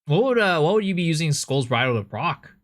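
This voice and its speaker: A man's voice: a little high, very animated, a little fast. A man streaming live, chatting casually and thinking aloud as he answers viewer questions, with frequent restarts.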